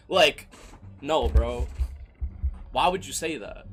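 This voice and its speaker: A young man commentating a game as a streamer, excitable and profane, breaking into shouted rants. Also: mid-range voice, slow, pauses often, soft background music. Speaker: gaming streamer. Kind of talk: let's play commentary.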